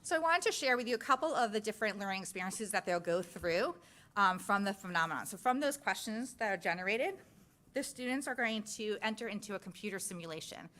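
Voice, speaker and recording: A woman giving a presentation at a school board meeting, explaining a science program slide by slide. Her pitch sits in a mid range for a woman, and she speaks in a steady, informative way as she guides listeners through the material. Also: fast talker. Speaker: district science curriculum presenter. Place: public meeting room.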